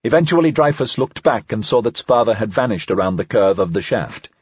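A man giving a scripted, evenly measured narration of an audiobook. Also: lowish voice, animated, darkish tone, slightly rough, dry recording, highs cut off.

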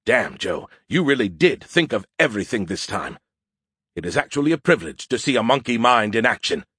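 A man's voice: medium pitch, sing-song, brisk, fairly bright tone, breathy edge, dry recording, studio quality. A man voicing a smug, insulting male alien AI who mocks humans with sarcastic bragging. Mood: mocking. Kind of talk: audiobook character voice.

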